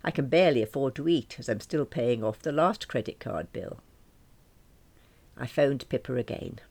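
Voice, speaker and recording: A woman's voice: a bass voice, normal speed, darkish tone. A woman reading a first-person novel, chatty and wry, poking fun at herself. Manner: wry, self-deprecating, chatty. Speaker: audiobook narrator.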